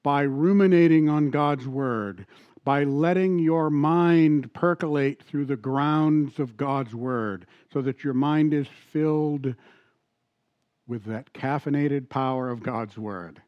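A middle-aged man preaching a sermon in a church, talking conversationally, asking the congregation questions and reading scripture slowly. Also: fairly high pitch, no room sound, dull audio. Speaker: pastor. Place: church sanctuary.

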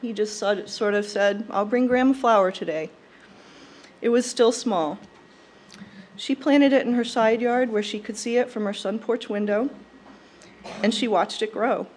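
A woman's voice: a little high, steady tone. Fond young woman giving a eulogy. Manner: warm, fond and measured. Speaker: eulogy speaker. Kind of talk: prepared eulogy. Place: funeral service.

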